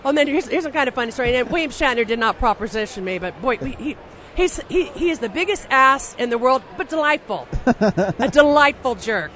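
A woman guest in an interview, telling blunt, animated stories in a casual way with frequent restarts and some swearing. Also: high-pitched, a little fast, a faint crowd, slight background noise. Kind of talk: casual anecdotal storytelling.

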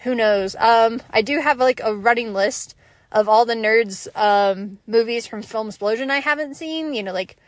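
Woman, fairly high voice, dry close sound, casual rambling talk. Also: moderate pace, no room sound. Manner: chatty, rambling, many fillers and restarts. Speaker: podcast host. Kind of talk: casual review monologue.

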